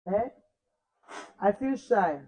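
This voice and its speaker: Man drilling pupils, slow and coaxing. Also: high voice, expressive, warm tone, low-quality recording. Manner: drills words slowly, coaxing and correcting pupils. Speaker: language teacher. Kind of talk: online language lesson.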